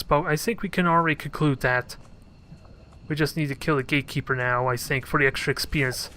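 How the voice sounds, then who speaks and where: Man, somewhat high voice, bright and forceful tone, casual gameplay commentary, thinks aloud, jokes at his units. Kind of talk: casual let's play commentary.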